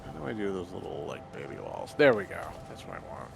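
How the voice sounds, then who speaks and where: A man co-playing on a game stream, mumbling to himself in a low-key way while he builds. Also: very animated, fast talker. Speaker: stream co-player. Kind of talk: casual gaming chat. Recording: noisy, gravelly voice-chat line.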